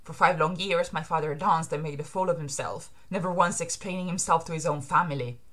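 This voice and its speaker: A woman's voice: sits low, a bit bright, voice pushed down. A woman voicing a proud, grave samurai daughter. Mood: solemn. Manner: slow, solemn and accusing.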